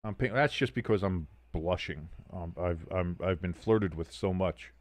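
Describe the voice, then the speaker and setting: In a deep voice at normal speed, the host of a casual football stream calls the plays and reads chat messages aloud. He's sardonic and swears a lot, and the recording is dry.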